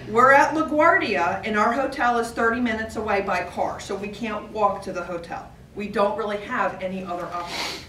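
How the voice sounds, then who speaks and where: A woman's voice: fairly high pitch, fairly bright tone. A middle-aged woman giving a humorous storytelling speech at a speaking club, acting out the dialogue and dropping to a whisper for her son's lines. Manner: acts out dialogue, drops to a whisper for her son. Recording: echoey room, distant mic, faint hiss.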